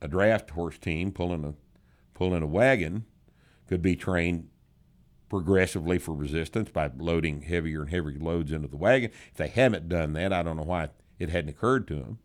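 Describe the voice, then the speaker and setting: A man with a low-sitting voice hosts a podcast at a moderate pace, fielding listener questions in casual chat. He's blunt and profane, drawls, jokes around, and laughs often.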